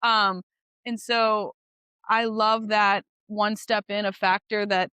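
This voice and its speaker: A woman talks with a bright, forceful voice in a relaxed interview. She is an animated, candid real estate agent who laughs easily. The sound is dry and close. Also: medium pitch, a little slow, clean tone, no room sound. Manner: goal-driven, candid. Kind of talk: casual interview chat.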